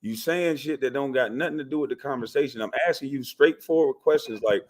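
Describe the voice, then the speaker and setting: A man's voice: medium pitch, brisk, few pauses. A man hosting a call-in livestream, arguing bluntly and profanely with callers. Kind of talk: heated call-in banter.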